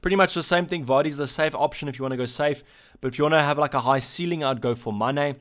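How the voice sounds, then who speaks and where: A man with a South African accent hosting a casual live-stream Q&A, reading out chat messages and answering them in a loose, halting way. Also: fairly high pitch, fairly bright tone.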